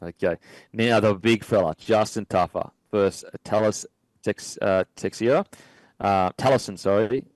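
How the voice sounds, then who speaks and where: A man's voice: on the low side, moderate pace, dry recording, rough recording. Man hosting a chatty podcast. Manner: relaxed, matey banter with fillers. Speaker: podcast host. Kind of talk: casual podcast chat. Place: remote call from abroad.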